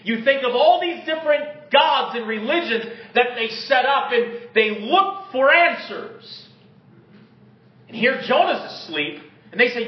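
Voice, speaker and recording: A man preaching a sermon and reading scripture aloud, with dramatic swings between loud, raised lines and low, hushed ones. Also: animated, a little slow, echoey room, dull audio. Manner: dramatic, varies pitch and loudness, drops low and quiet for emphasis. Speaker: pastor.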